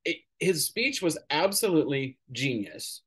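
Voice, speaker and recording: A man giving casual, opinionated political commentary as a podcast host, pausing often with fillers and swearing now and then. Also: a little high, big pitch swings, fairly bright tone, slightly rough. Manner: opinionated, hesitant with many ums, swears casually.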